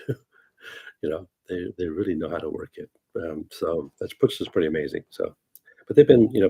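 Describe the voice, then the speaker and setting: A man's voice: low voice, vocal fry, warm tone, husky. A man talking as a fortune teller on a casual livestream, rambling loosely with many fillers and asides. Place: lives in California.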